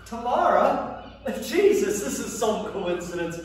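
A man's voice: high voice, sing-song, full character voice. A man with an Irish accent playing a tactless, rambling Irish man in a scripted comedy sketch. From Ireland. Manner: rambling, apologetic, quick to laugh. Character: chatty, tactless Irish man, laughs at own jokes. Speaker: character in a comedy audio sketch. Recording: echoey room, distant mic, faint noise.

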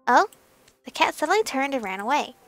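A woman with a bright, high voice reads a story game aloud, stopping for giggly, chatty comments. The mic is close and dry, with faint game music underneath. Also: sing-song, fairly quick, no echo. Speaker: game streamer.

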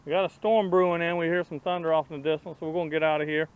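A man's voice: fairly high pitch, fairly even intonation, very fast, clean tone, rough recording. A man hosting a fishing vlog outdoors from a boat on a lake, chatting easily and coaching the boys. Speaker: fishing vlogger and host. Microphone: action camera.

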